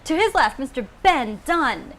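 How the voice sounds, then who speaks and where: A young woman hosting a live panel webcast from a studio, reeling off quick, jokey introductions and laughing often. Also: sits high, very animated, fairly bright tone, slight background noise. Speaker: show host.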